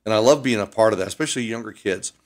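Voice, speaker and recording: An older man from Ohio with an Ohio accent, a pilot guest on a radio interview, chatty and animated as he tells stories. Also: fairly low pitch, racing. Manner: chatty storyteller, animated, fond of doing accents. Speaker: air show pilot.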